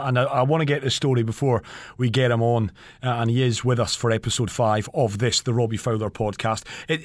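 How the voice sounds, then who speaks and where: A man co-hosting a casual podcast, briskly prompting stories and introducing a guest. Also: mid-range voice, no echo, studio quality. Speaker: podcast co-host.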